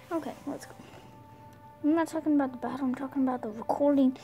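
A high-voiced gaming vlogger talks over her mobile strategy game, worn down and exasperated, circling back to the same complaints. Faint game music plays underneath her commentary. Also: steady tone, fast talker, pauses often, dark tone, rough recording. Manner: exasperated, repeats herself when annoyed. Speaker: gaming channel host.

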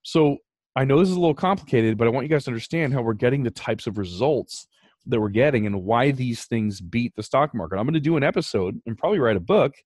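A man's voice: mid-range voice, quick pace, no echo, clean studio sound. A man hosting a podcast, explaining finance numbers in a casual, emphatic way. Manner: animated, emphatic, talks through numbers. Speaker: podcast host.

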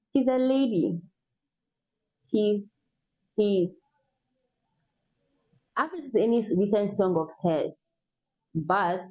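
A young woman chatting casually as a vlogger, laughing often and breaking into bits of song. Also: medium pitch. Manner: chatty, laughs often, sings snatches of songs. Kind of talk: casual chat. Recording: dull lo-fi sound.

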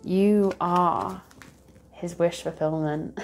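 Chatty low-voiced woman. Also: steady tone, unhurried, long pauses, darkish tone, soft background music. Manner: chatty, rambling, laughs often. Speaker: tarot reader. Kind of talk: casual tarot reading to camera.

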